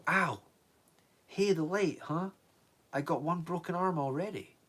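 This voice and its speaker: A man voices a scared boy who pleads into the dark, his voice pushed high and straining. The boy is hurt and shaken, calling out for help in a storybook reading. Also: unhurried. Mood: anxious.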